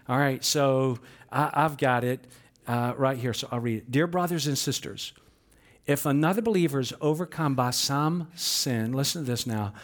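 A man's voice: mid-range voice, moderate pace. A man preaching a sermon, telling stories with acted-out quotes and light humor. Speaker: pastor.

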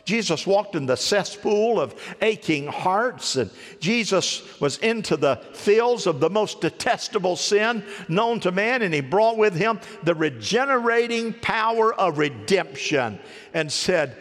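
A man preaching with a folksy, animated delivery, his fairly high voice lifting as he questions the congregation. His words ring out with the long reverb of a church hall behind them. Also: a little slow. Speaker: pastor. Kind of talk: sermon.

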